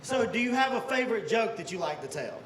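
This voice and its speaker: A man's voice: high voice, very animated, fast talker, a bit bright, recorded from a distance. A man hosting a comedy show, asking his guest questions in casual chat. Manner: friendly, asks questions plainly. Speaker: show host. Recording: echoey room, voice off-mic with faint noise.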